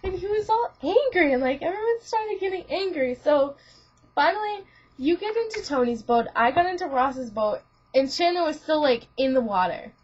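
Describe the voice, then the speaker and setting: A young adult woman, a student vlogger, tells a friend about a dream on lo-fi webcam audio. Her voice sits high and expressive at a moderate pace, and she rambles, giggles, restarts, and says "like" constantly.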